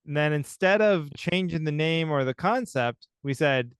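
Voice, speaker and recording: A man's voice: a little high, expressive, moderate pace, clean tone, no echo, studio quality. A man co-hosting a podcast, chatting casually in a wry, rambling, self-deprecating way. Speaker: podcast co-host. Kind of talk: casual chat.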